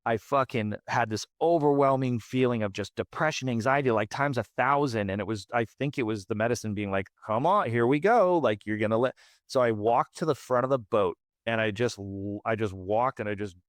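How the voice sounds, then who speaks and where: This podcast guest, a late-thirties band frontman with a mid-range voice, speaks briskly with few pauses. Candid and profane, he tells a raw personal story emphatically, often repeating words, captured with clean studio sound and no room echo.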